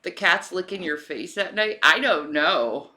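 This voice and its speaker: A woman's voice: on the low side, expressive, unhurried, bright, forceful tone. A woman in her forties chatting casually on a livestream, out of breath, cooing at her cat and sighing often. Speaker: streamer.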